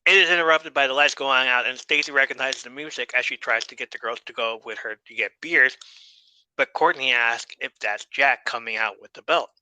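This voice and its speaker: A man casually recaps a TV episode for his podcast, relaxed and loose, with easy swearing and quick laughs. His voice is very bright and sharp, close to the mic in a dry, dead room. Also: mid-range voice, smooth, no echo, low-quality recording. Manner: laid-back, swears casually, laughs often. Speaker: podcast host.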